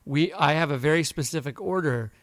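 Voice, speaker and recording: A man co-hosts a casual podcast and tells his story with animated energy, acting out each person he quotes. His voice sits a bit high. The sound is dry and close. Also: brisk, dry recording. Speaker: podcast co-host. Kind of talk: casual chat.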